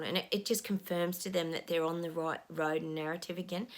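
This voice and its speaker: Woman, middle-aged, lowish voice, casual rant to viewers, slips into whispers. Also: fairly even intonation, brisk, hardly any pauses. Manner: frustrated, ranting, drops into whispers. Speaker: psychic channel host.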